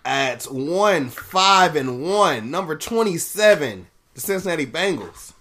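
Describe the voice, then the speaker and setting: A man hosting a casual podcast, reading a sports ranking list out loud and laughing and swearing at the results. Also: high-pitched, very animated, a little slow, hardly any pauses. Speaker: podcast host.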